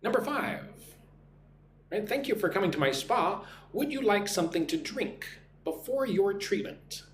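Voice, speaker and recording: This live-stream English teacher from the United States speaks a little slowly in a high, animated voice. Calling viewers by name, he leads phrase drills for them to repeat, and the recording has echo and a faint hum.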